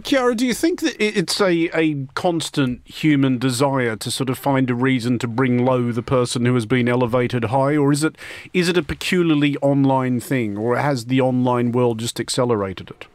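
A man's voice: medium pitch, moderate pace, no echo. A man hosting a radio panel discussion, with a wry, dry sense of humor, on a studio microphone. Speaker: host.

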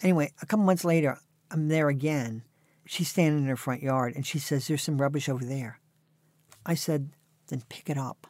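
A man's voice: a little high, steady tone, fairly quick, a little mellow, dry recording. A man in his sixties, an author telling dry, self-mocking stories as a guest in an interview. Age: 60s. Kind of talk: conversational storytelling.

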